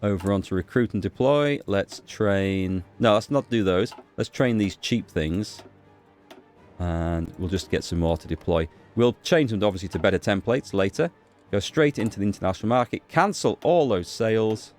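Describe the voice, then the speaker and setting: A deep-voiced man talks through a strategy game as he plays it, musing aloud and often pausing on fillers and half-finished phrases. Soft background music runs quietly under his commentary. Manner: thinks aloud, musing with fillers and small restarts. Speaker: gaming YouTuber. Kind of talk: casual gameplay commentary.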